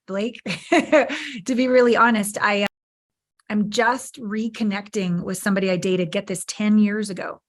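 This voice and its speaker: A woman in her fifties, an intimacy coach speaking as a podcast guest, frank and emphatic, swearing freely as she tells her story. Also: medium pitch. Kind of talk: candid podcast interview.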